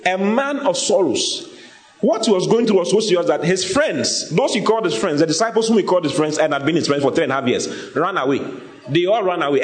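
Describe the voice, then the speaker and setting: A man's voice: fairly high pitch, reverberant. A man preaching a sermon, telling the story vividly and asking the listeners questions. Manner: animated storytelling, often asks the listeners questions.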